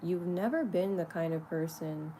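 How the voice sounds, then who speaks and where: A woman's voice: on the low side, normal speed, a little hiss or hum. A woman speaking casually and candidly to the camera in a spiritual vlog, swearing freely and laughing often. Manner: talks to herself lovingly in soft asides. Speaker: spiritual vlogger.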